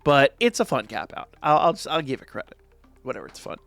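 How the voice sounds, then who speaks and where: A man's voice: mid-range voice, big pitch swings, quick pace, creaky, a bit bright, dry recording. A man hosting his reaction channel, reviewing an anime episode in a casual, jokey, rambling way with lots of fillers and restarts.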